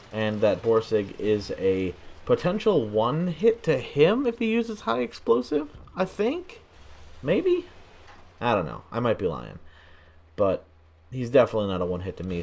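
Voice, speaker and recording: Tired young man commentating gameplay. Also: fairly low pitch. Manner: tired, monotone, swearing.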